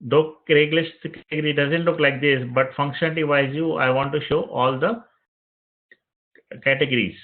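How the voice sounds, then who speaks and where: A man's voice: fairly high pitch, steady tone, normal speed. Man narrating a tutorial over tinny audio. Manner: step-by-step narration of clicks, repeats phrases. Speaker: web development instructor. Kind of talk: screen-recorded software tutorial.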